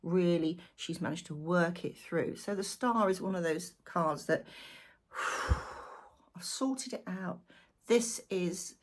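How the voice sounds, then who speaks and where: A woman's voice: on the low side, steady tone, takes it slowly, a little hiss or hum. A woman giving a casual weekly tarot reading to camera, thinking aloud and chatting animatedly as she goes through the cards. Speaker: tarot reader.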